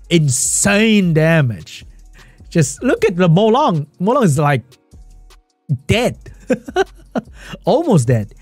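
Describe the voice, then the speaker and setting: Guy streaming esports commentary, super animated up and down voice, laughs a lot, dry sound. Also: high-pitched, no room sound. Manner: excitable, laughs often, chats with viewers. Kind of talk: live game commentary while reading chat.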